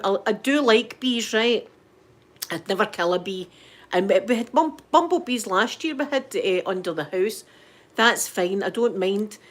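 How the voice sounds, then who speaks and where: A middle-aged Scottish woman hosting a live stream, chatting casually and greeting viewers by name. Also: a little high. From Scotland. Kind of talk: casual chat.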